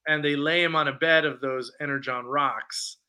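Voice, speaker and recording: A man's voice: a little high, normal speed, smooth. A man co-hosting a podcast, chatting casually and animatedly about a film he saw. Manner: animated retelling, acts out lines from scenes; conversational with many fillers. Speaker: podcast co-host reviewing films. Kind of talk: casual chat.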